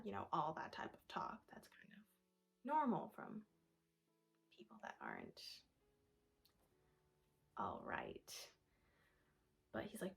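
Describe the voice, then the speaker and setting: Young adult woman vlogger, gravelly fry, loose chatty storytelling that sometimes goes near-whisper. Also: mid-range voice, big pitch swings, normal speed. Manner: casual, rambling, many "like" fillers, drops to a hush at times. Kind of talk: personal storytelling to camera.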